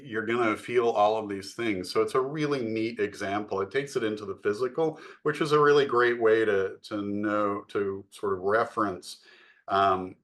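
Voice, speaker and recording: A middle-aged man co-hosting a podcast, explaining in a measured way with frequent fillers. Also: lowish voice, fairly bright tone. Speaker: podcast co-host. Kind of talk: podcast discussion.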